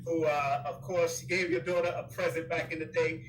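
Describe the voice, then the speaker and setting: A man's voice: fairly high pitch, flat delivery, brisk, far from the mic, slight background noise, poor audio. A man hosting a casual chat, exuberant and playful, repeating himself as he talks. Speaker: host.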